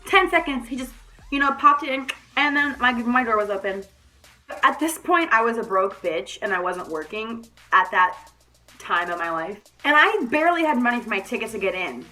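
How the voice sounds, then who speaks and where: A young adult woman telling a story in a casual vlog, animated and swearing freely. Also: fairly high pitch, normal speed, soft background music. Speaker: vlogger.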